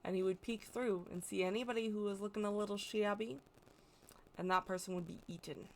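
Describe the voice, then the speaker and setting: A woman's voice: mid-range voice, fairly even intonation, fairly quick, slight background noise. An American woman explaining folklore in a casual, chatty way, correcting herself as she goes and adding playful asides. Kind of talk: casual educational talk.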